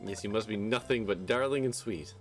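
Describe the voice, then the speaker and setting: A man's voice: fairly low pitch, a little fast, faint music behind, lightly acted. A man voicing bossy older village women in a video game who play matchmaker, reading their lines in a theatrical, coaxing way.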